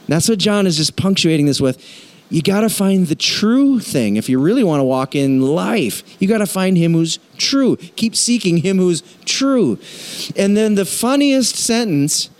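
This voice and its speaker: A man preaching a casual, animated sermon in a church, acting out voices when he quotes. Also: a little high. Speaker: pastor.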